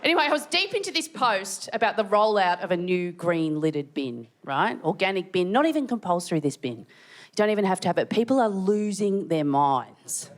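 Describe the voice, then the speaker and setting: A woman's voice: mid-range voice, very animated, normal speed. A woman with an Australian accent telling stand-up stories, breaking into shrieked acted-out quotes. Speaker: stand-up comedian. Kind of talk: stand-up comedy set. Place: large theatre stage. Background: audience laughter.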